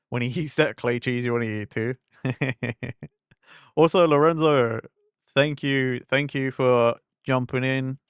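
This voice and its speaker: An English man with an English accent, chatting with viewers while he plays on a live stream. He rambles loosely and slips into acted-out quotes of friends as he talks. His voice sits at an ordinary pitch, and the sound is dry and close. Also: steady tone, slow, pauses often, clean tone, no room sound. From England. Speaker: game streamer. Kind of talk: casual live-stream chat.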